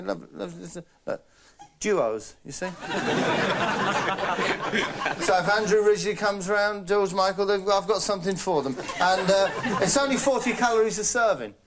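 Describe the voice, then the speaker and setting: A man's voice: sits high, fairly bright tone, slight background noise. Rambling man, comic monologue. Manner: rambling, chatty, frequent fillers and "right?". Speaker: comedy host. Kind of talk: deadpan comic monologue in character.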